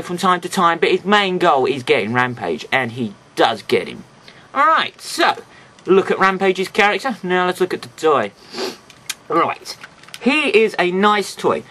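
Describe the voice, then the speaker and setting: A man talks through a toy review in a loose, chatty way, full of jokey asides. His voice is bright and a little raised in pitch, swinging up and down a lot. A stuffy nose gives it a slightly nasal edge.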